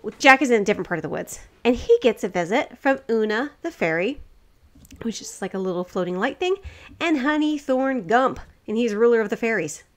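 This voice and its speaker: A woman's voice: a little high, expressive, a little fast. A woman co-hosting a podcast, recapping a film in casual chat with frequent laughs and swearing. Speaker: podcast co-host.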